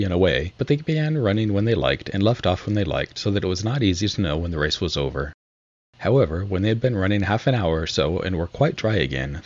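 A man giving measured audiobook narration of a classic storybook. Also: low voice, muffled recording.

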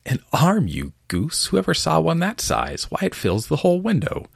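A man's voice: low voice, big pitch swings, a little fast, gravelly, no echo, clean studio sound, exaggerated voice. A man voicing a fussy, bossy male rabbit who snaps out scolding orders in a storybook reading. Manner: snappish, scolding.

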